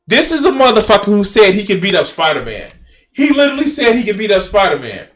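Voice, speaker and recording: A man's voice: high voice, big pitch swings, fast talker. A man streaming and reacting to a video in casual, profane, incredulous commentary.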